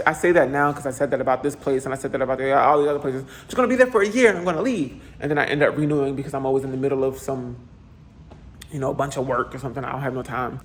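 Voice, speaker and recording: A man's voice: mid-range voice, a little hiss or hum. Chatty man ranting in an echoey apartment. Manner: chatty, animated, with playful asides. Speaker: vlogger. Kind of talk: casual vlog rant. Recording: echoey room with faint ambience.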